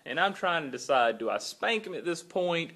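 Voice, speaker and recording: A man's voice: fairly high pitch, expressive, moderate pace, bright, forceful tone, breathy edge. A father recounting a sleepless night in a casual video blog, retelling his own quoted lines with animation. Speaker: father and church volunteer. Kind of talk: personal video blog storytelling.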